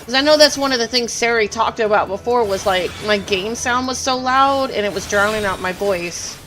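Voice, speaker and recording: Female streamer, Southern drawl, slightly high-pitched, easygoing chatter over soft game music. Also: moderate pace. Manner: chatty, laughs easily. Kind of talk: casual live-stream chat while gaming.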